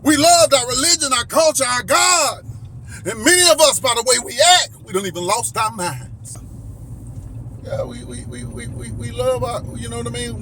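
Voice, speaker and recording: Man, high voice, emphatic preachy rant, faint car noise, swears a lot. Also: a bit bright. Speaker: commentary vlogger. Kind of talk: heated opinion monologue.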